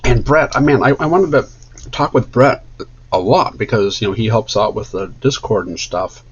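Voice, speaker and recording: A man's voice: lowish voice, normal speed, husky, muffled recording. A man streaming casually while he draws, chatting in an enthusiastic, rambling way. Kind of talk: casual chat while drawing.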